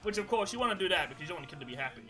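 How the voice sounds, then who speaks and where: Podcast co-host, man, high voice, rambling and profane, music bed behind. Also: very animated, rapid-fire, poor audio. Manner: rambling, swears often, laughs while telling stories. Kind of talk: casual chat.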